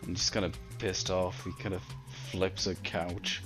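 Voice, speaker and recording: A man with a fairly low voice co-hosts a casual podcast recap, dry and wry in his humor. He acts out bits of dialogue as he retells scenes, with faint music underneath. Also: flat delivery, moderate pace. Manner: wry, acts out characters' lines when retelling. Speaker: podcast co-host. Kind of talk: casual chat recapping a cartoon.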